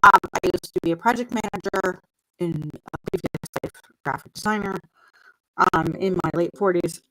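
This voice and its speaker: Soft music plays behind a middle-aged mindset coach as she streams live from her computer at an indoor table. Her fairly low, slightly bright voice moves at a moderate pace through a desk mic with poor audio quality; she wanders off topic, chews gum, and laughs at herself.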